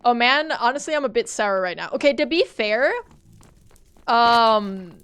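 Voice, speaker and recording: A young woman streaming a game live, talking to her chat in a panicky, excitable way. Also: on the high side, unhurried, smooth. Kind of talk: live gameplay commentary.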